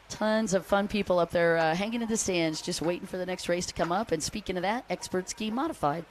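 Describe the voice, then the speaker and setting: A woman's voice: on the low side, a little hiss or hum. A woman announcing a jet ski race live, chatty and upbeat, joking with the crowd. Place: outdoor race venue by the water.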